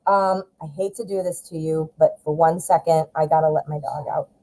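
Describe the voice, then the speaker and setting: A woman's voice: sits low, steady tone, a little fast, dark tone, low-quality recording. A woman doing a live-streamed tarot reading, chatty and reassuring, talking straight to the viewer. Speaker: tarot reader.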